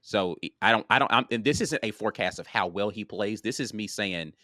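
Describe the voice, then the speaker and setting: A man with a low voice, confident and emphatic, sprinkling in "bro" as he argues his sports take. The sound is dry and close. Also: fairly quick, sharp tone, no echo. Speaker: podcast co-host. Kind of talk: casual sports talk.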